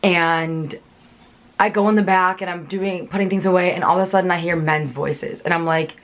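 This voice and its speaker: A woman's voice: lowish voice, steady tone, moderate pace. A young woman telling a chatty storytime vlog, filling her sentences with "like". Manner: chatty, many fillers like "like". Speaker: vlogger.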